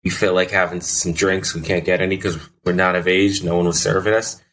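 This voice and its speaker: Deep-voiced joking male host. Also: flat delivery, fairly bright tone. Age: 40s. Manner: joking, quick asides. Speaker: podcast host. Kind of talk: casual chat.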